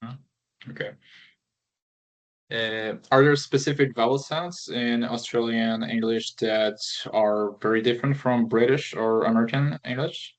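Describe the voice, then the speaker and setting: Interviewer, man with a flat, even delivery and careful questions. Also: medium pitch. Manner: measured questions with fillers. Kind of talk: conversational interview.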